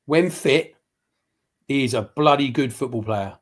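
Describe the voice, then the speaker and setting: A man's voice: mid-range voice, measured pace. A man giving his football opinions on a casual livestream, rambling and passionate, with many restarts. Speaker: football pundit.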